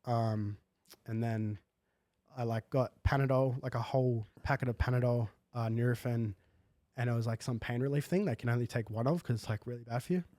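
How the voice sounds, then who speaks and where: A man's voice: mid-range voice, fairly quick, dark tone, dry recording, studio quality. A young man telling a personal story in a casual, slangy podcast chat full of fillers. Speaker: guest. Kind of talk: candid podcast conversation.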